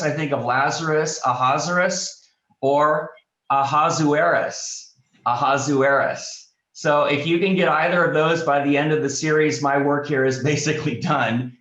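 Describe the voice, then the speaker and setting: A man, a pastor, leading a Bible study class in a casual teaching style, speaking haltingly with many fillers and restarts. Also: fairly high pitch, a bit bright, roomy sound, low-quality recording.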